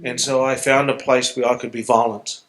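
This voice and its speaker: The recording is rough, capturing a middle-aged man with a New Zealand accent who is a guest in a live Q&A on stage before an audience. His medium-pitched voice is fairly bright, moves little in pitch and keeps a moderate pace. He speaks in an earnest, reflective, emotionally open way.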